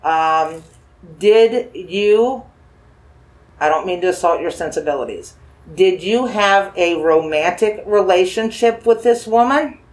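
A paranormal investigator gently questioning a spirit with dowsing rods, coaxing and reassuring, repeating phrases and asking slow yes-or-no questions. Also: medium pitch, lively intonation.

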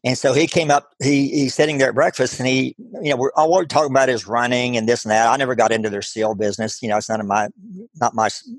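A middle-aged man with a Texan accent, earnestly telling a personal story as an interview guest, halting and restarting often. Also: medium pitch, fairly even intonation, dry recording.

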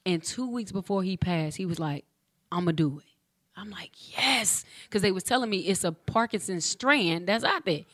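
Woman in her 40s, ex-hoops player, tells stories all animated, does the voices, dry close sound. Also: mid-range voice, normal speed, no echo. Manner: animated, acts out dialogue with slang. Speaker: former pro basketball player, guest. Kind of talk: casual storytelling.

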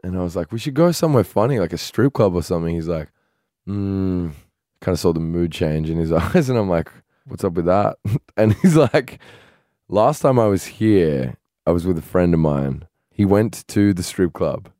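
Deep, mellow man telling a story. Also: normal speed, no room sound, studio quality. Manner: animated storyteller acting out friends' voices. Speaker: podcast co-host. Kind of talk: casual storytelling chat.

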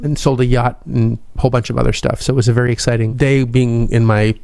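A man's voice: medium pitch, flat delivery, fast talker, vocal fry, darkish tone, smooth, no room sound. A man hosting a podcast, rambling and self-deprecating, with a slight lisp. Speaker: podcast host. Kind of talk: casual podcast wrap-up.

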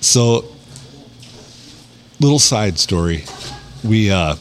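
A man's voice: on the low side, expressive, drawn-out words, slight background noise. A man co-hosting a podcast, making dry jokes in laid-back banter. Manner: laid-back, dry joking, laughs often. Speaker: podcast co-host. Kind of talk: casual banter.

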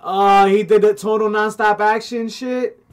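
A man's voice: sits high, little pitch movement, measured pace, over music. A man in a casual group chat who laughs often and tends to repeat himself.

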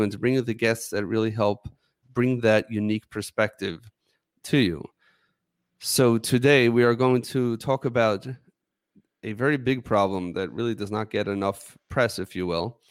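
A man hosts a live podcast in a measured, steady way, leaning on casual fillers as he talks. His voice sits on the low side. The sound is dry and close. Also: clean tone, dry recording. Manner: measured, with frequent "you know" fillers. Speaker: podcast host. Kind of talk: podcast interview hosting.

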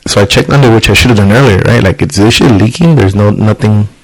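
A man's voice: fairly low pitch, fast talker, no echo, poor audio. A young man co-hosting a podcast, telling a casual, profane story and acting out the quotes. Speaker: podcast co-host. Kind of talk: casual chat.

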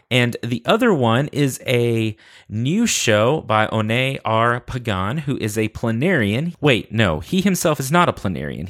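Goofy chatty young podcast host. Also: male voice, on the low side. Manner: goofy, self-deprecating, chatty. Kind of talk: casual podcast intro.

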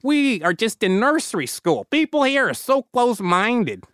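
A man's voice: extremely high pitch, very animated, normal speed, a bit bright, smooth, no room sound, clean studio sound, pitched above the performer's own voice, full character voice. A man putting on a comical Chicago accent to voice a dictator, brash and exasperated. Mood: complaining. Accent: Chicago, put on.

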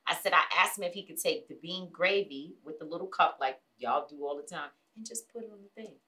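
A woman hosting a casual talk show, telling a story with animated delivery, acting out other people's lines and swearing bluntly. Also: lowish voice, a little fast. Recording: voice a bit distant from the mic.

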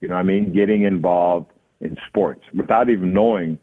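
Jamaican man, low voice, phone-quality guest, rambling relaxed storyteller. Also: fairly quick. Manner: relaxed storytelling with many fillers. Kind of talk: casual interview. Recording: phone-line audio.

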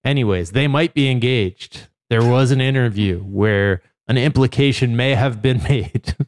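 A man's voice: mid-range voice, a little slow, dry recording, studio quality. A man hosting a podcast in casual comedic chat, rambling and joking with a co-host.

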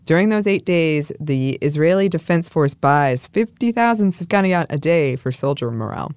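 A woman's voice: low voice, lively intonation, normal speed, a little mellow, clear, resonant tone, no room sound. A woman co-hosting a podcast, reading out facts and quotes in a dry, easy manner. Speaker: podcast co-host. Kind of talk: casual chat reading facts.

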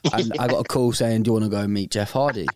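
Brief: easygoing young host, rambling and jokey, dry close mic. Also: male voice, fairly low pitch, steady tone, very fast, a little mellow, no room sound. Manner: laid-back, rambling, laughs easily. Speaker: host of a phone-in show. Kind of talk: casual chat.

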